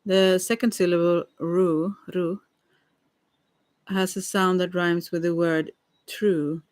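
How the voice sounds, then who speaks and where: A woman softly reading a text aloud for ASMR, hushed and unhurried, now and then stumbling over words and apologizing. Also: fairly low pitch, level tone, no room sound. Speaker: ASMR reader. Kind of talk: soft-spoken ASMR reading.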